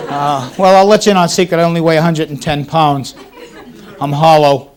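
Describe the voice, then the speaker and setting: His voice a little high and fairly quick, a thirtysomething Boston-area comic works a club stage with dry, self-deprecating humor. The audience's laughter is caught in this 1980s cable TV recording.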